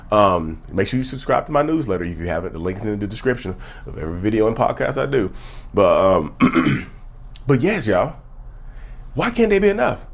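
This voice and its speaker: A man's voice: mid-range voice, husky. A man hosting a motivational self-help talk, emphatic and repetitive, calling his listeners y'all. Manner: emphatic, repeats key phrases, addresses listeners as y'all. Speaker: host.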